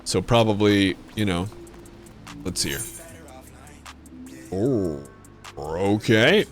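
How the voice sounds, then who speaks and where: Male streamer, unhurried and animated, casual gameplay chat, faint music underneath. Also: lowish voice. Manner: chatty, animated, talks to viewers. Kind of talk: casual game commentary.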